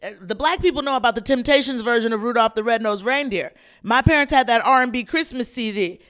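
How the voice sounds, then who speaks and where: A woman's voice: on the high side, quick pace, fairly bright tone. A young adult woman hosting her own podcast, chatting casually and playfully straight to her listeners. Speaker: podcast host. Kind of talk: casual solo podcast chat.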